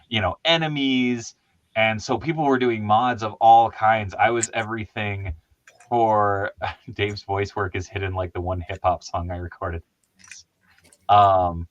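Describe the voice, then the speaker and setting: A man's voice: fairly low pitch, dull audio, noisy background. A man hosting a casual chat about toys, rambling and laughing at himself. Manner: rambling, laughs often, self-deprecating. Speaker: host.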